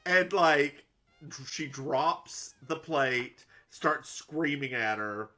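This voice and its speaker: A man's voice: mid-range voice, slow, sharp tone, soft background music. A man from the American South co-hosting a casual recap podcast, snarky and laughing often, with stumbling restarts. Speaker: podcast co-host.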